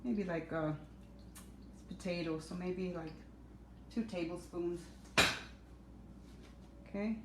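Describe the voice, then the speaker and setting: Middle-aged woman, chatty cooking class host, lowish voice, echoey kitchen, mic set back, noisy. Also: slow pace, pauses often, recorded from a distance. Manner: chatty, talks to viewers by name, self-teasing jokes. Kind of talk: casual live cooking class. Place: home kitchen.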